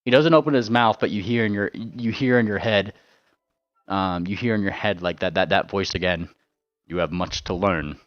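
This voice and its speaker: A man's voice: lowish voice, moderate pace, dry recording. A man running a tabletop game as game master, rambling with lots of fillers and repeated words. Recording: dull lo-fi sound.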